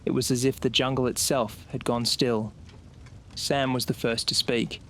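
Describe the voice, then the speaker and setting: A man reads a scripted horror story aloud. He keeps a slow, suspenseful delivery. His voice sits at a middle pitch for a man. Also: level tone, fairly bright tone, a little hiss or hum. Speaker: narrator.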